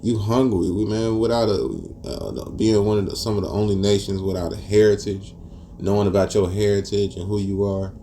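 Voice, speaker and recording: A man with teaching scripture in a casual street style, mixing verses with profane stories and rising loud and high when outraged. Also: steady tone, normal speed, a little hiss or hum. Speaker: preacher.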